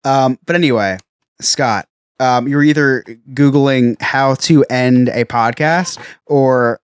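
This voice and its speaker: A man's voice: mid-range voice, takes it slowly, clear, resonant tone, no room sound, studio quality. A man in his thirties hosting a casual podcast chat, talking in a chatty way with many stammered restarts. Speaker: podcast host.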